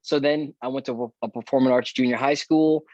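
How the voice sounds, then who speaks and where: A man's voice: mid-range voice, fairly even intonation, brisk, a little mellow, no echo. A man who is a guest actor, telling a story in a casual podcast chat and acting out the dialogue he remembers. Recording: dull, dry lo-fi audio.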